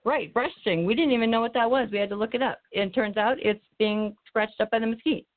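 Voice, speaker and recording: A woman's voice: on the high side, a little fast. A woman investigator telling a story in an interview, rambling with many ums and restarts, sometimes drifting off the mic. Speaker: paranormal investigator guest. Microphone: phone or call-in line, drifting from the mic. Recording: tinny phone line.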